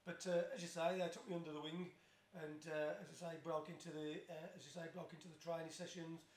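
A man in his fifties with a Black Country accent tells rambling stories at a brisk pace, restarting sentences and laughing along. His voice sits a touch high for a man. The room adds a noticeable echo around him. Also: flat delivery. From Tipton, West Midlands of England. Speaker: guest, former footballer. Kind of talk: casual storytelling interview. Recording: roomy echo.

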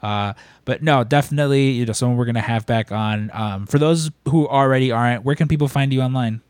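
Animated man telling a story, dry room. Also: medium pitch, a little fast, smooth, no echo. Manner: animated storyteller, acts out quoted voices. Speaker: podcast host. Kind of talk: casual storytelling chat.

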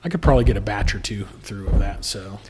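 A man's voice: fairly low pitch, fast, long reverb tail, background noise. A man telling stories in casual podcast chat, rambling with fillers and laughing often. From Indiana. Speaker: distiller. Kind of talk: casual storytelling.

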